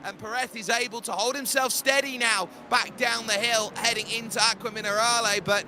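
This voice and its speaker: A man calls a sim race as lead commentator with a high, piercingly bright voice. He rattles off the action in an energetic, rapid-fire play-by-play. A faint hum of noise sits under the voice.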